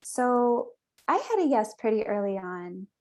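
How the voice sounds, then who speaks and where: A woman's voice: mid-range voice, very animated, unhurried, a little mellow. A young woman guest on a podcast, telling her personal story in an earnest, chatty way. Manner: earnest, chatty, with small restarts.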